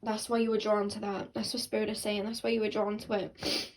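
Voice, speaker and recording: A woman's voice: medium pitch, level tone, a little fast, poor audio. A young woman giving a casual, earnest tarot reading to her viewers, rambling with fillers and restarts, at times tearful. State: tearful and emotional. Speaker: tarot card reader.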